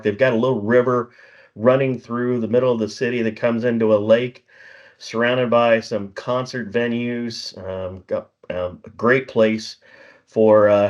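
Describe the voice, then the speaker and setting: A middle-aged man co-hosting a podcast in casual chat, a rambling storyteller who chuckles often and acts out bits of dialogue. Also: medium pitch. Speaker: podcast co-host. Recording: slightly dull lo-fi recording.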